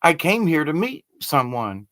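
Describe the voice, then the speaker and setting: A man's voice: fairly high pitch, big pitch swings, measured pace, sharp tone, dry recording, studio quality, full character voice. A man voicing a curious young woman who asks puzzled questions.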